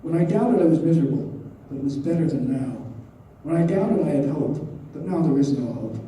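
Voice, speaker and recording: A man's voice: on the high side, expressive, fairly quick, warm tone, heavy reverb, recorded from a distance, slight background noise, lightly acted, poor audio. A man voicing a stiff, formal aristocratic husband who is wounded and restrained. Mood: bitter.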